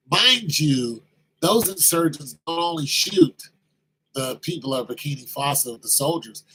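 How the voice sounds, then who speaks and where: A man's voice: fairly high pitch, pushed and bright, slight background noise, low-quality recording. A man talking casually and with animation, acting out quoted exchanges as he tells the story. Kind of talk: casual talk.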